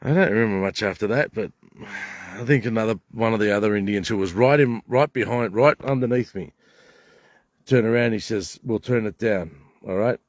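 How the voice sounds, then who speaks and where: A man's voice: fairly low pitch, a little fast, dry recording, studio quality. An older Australian man ranting to camera at a bush campsite, indignant and rambling, swearing heavily. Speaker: vlogger. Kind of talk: angry rant to camera.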